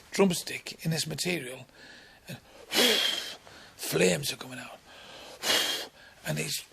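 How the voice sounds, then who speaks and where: A man's voice: a little high, gravelly, fairly bright tone, breathy edge. A man in his sixties with a Northern English accent, a comedian telling a bawdy, sweary anecdote and acting out the other people's lines. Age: 60s. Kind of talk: anecdotal storytelling.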